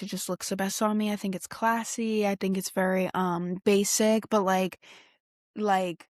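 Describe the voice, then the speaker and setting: With a mid-range voice and studio-quality sound free of echo, a young adult woman hosts a podcast. She reacts to clips casually, rambling in slang with many fillers and restarts.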